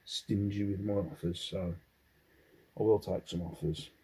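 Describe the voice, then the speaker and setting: A man's voice: sits low, steady tone, unhurried, background noise. An English man in a casual haul vlog, rambling as he goes through his finds and humming to himself between items. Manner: rambling, hums while sorting items. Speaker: clothing reseller.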